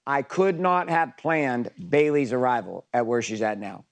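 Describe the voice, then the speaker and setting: A man's voice: mid-range voice, unhurried. A man coaching a group in an intense, emphatic motivational talk, swearing freely.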